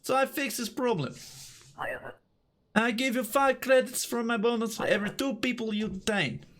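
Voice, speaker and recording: A man's voice: steady tone, moderate pace, a bit bright. A man voicing a grumbling, underpaid male border guard in a mock Russian accent, reading game dialogue aloud in stilted broken speech. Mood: wheedling, aggrieved. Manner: stilted broken speech, higher than his own voice.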